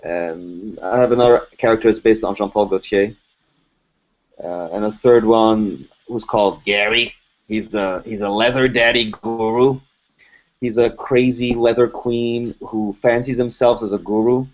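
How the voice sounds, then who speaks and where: A man's voice: lowish voice, unhurried. Guy w a slight accent you cant quite place, chatty storyteller, kinda dull lo-fi sound. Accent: faint foreign accent, hard to place. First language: French or Arabic. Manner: animated storyteller, laughs often. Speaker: voice actor guest. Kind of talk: casual interview chat. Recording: dull lo-fi podcast audio.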